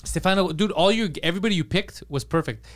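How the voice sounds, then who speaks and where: A man chatting casually on a podcast, reacting to stories in an excitable way. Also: high voice, fast talker. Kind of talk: casual chat.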